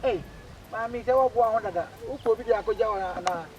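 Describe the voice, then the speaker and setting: A man with a Ghanaian accent playing a lovesick young man pleading with his girlfriend, stammering out excited exclamations. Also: sits high, a little fast, close to an everyday voice. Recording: distant mic, loud street noise.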